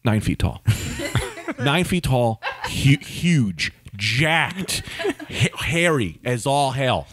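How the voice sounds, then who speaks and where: A man who is a stand-up comedian, telling a tall story in an animated, rambling way on a podcast. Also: mid-range voice, very slow, breathy edge, no room sound. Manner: animated, rambling, heavy on filler words. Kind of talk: comic storytelling.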